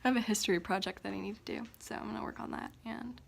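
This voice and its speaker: A teenage girl student chatting casually to camera, rambling, sighing and often dropping into soft near-whispers. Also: mid-range voice, fairly even intonation, quick pace, creaky, hardly any pauses. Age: teens. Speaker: student vlogger. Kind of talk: casual chat.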